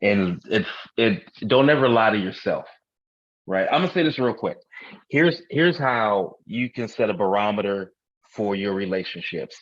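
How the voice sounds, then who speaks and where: A man with a very low, husky voice co-hosts a podcast and talks in an easygoing way, full of swearing and stories. The recording sounds dull and lo-fi. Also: expressive, moderate pace. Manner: laid-back, profane storyteller. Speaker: podcast co-host. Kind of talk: casual chat.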